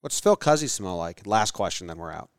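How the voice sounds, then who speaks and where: A man's voice: sits low, big pitch swings, fairly quick, dry recording. A man co-hosting a casual sports podcast, reading stats and making dry, joking asides. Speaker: podcast co-host.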